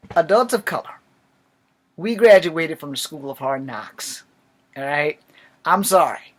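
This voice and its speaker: A young man telling a funny personal story in casual, swearing storytime style, jumping from low mutters and whispers to loud outbursts. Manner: sometimes drops to a whisper. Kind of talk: casual profane storytime monologue.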